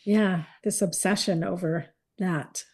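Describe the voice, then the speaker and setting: A woman's voice: on the low side, steady tone, takes it slowly, slightly rough. A woman being interviewed, telling a candid personal story and quoting others with animation. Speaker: guest, caregiver wife.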